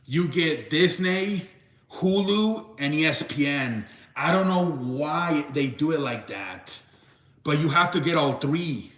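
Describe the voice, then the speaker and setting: A man's voice: fairly high pitch, lively intonation, slow pace, a bit bright. A young man hosting a casual live stream, rambling and restarting his sentences as he reacts to chat. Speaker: live show host. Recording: echoey room.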